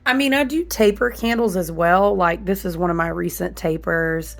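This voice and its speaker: A woman with a hoarse, husky voice that is still recovering, chatting casually to camera about her candle and ritual craft, peppering her talk with "y'all" and "listen.". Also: fairly low pitch, normal speed, faint music behind. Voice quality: husky, smoky-sounding. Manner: chatty, animated, says "y'all" and "listen" often. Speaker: candle and ritual tool maker.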